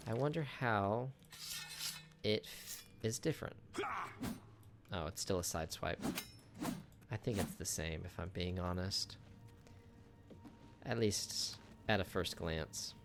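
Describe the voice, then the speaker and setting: A low-pitched man rambles through his gameplay in a loose, chatty way, with a voice that leaps up and drops down expressively as he jokes with the foes on screen. Soft game music plays faintly behind him. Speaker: gameplay streamer. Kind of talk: casual gameplay commentary.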